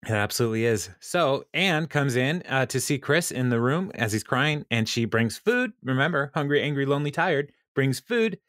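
A man's voice: medium pitch, lively intonation, normal speed, few pauses, a bit bright, no room sound, clean studio sound. A man hosting a podcast, retelling a TV episode in casual chat, laughing often and acting out the quotes. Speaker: podcast host.

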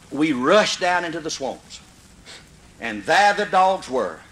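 Animated Mississippi storyteller man. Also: high-pitched, a little hiss or hum, low-quality recording. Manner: animated, folksy, bursts into hollers. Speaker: comedian storyteller. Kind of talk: live comedy storytelling.

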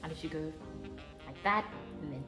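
A woman's voice: deep voice, normal speed. A young South African woman, a makeup artist, chatting casually and animatedly, laughing often. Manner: animated, laughs often, goes quiet while working. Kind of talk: casual chat. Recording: echoey room with background music.

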